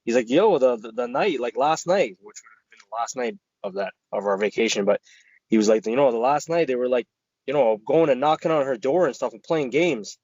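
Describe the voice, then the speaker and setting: A man's voice: medium pitch, brisk, darkish tone, no echo, dull audio. A man co-hosting a podcast, telling a rambling, profane story and acting out his friends' lines. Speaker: podcast co-host. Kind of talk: casual storytelling chat.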